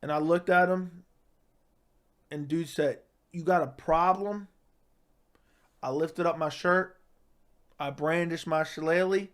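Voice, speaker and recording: A man telling a comic story in a deadpan tough-guy way, with lots of "right?" and "like". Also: fairly high pitch, unhurried, pauses often. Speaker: comedic storyteller. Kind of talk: casual storytelling monologue.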